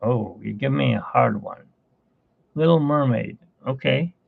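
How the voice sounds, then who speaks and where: A man talks slowly and casually while he works on a drawing, rambling from one aside to the next. His voice is gravelly and husky. The sound is tinny and phone-like and dry. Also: medium pitch, no room sound. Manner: rambling, chatty, with fillers and asides. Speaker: artist hosting a live art stream.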